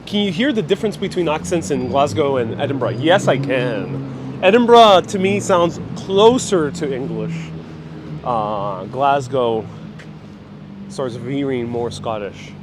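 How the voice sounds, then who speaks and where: A man's voice: mid-range voice, animated, unhurried. A man live-streaming as he walks through a city, chatting casually and thinking aloud, recorded on a phone outdoors. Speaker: live-stream travel vlogger. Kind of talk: casual walking live stream, reading viewer comments. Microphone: phone held while walking. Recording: outdoor street noise. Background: street noise and traffic.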